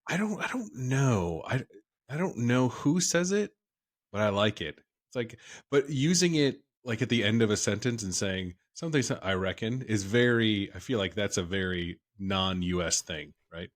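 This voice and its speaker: A man's voice: lowish voice, animated, normal speed. A man in his thirties co-hosting a podcast, chatting casually in a rambling, jokey way. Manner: rambling, jokey, trails off and restarts. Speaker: podcast co-host. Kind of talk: casual chat.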